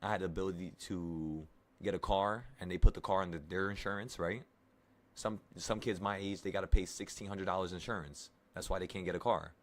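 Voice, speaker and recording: In a low, steady voice that runs a little fast, a young man in his twenties chats casually with viewers during a live options trading stream, talking them through a trade and reassuring them in a rambling, coaching manner.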